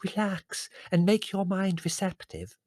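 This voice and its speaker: A man voicing an excitable young woman who speaks in breathless, gushing outbursts. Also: high voice, measured pace, dry recording, studio quality, pitched above the performer's own voice. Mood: eager.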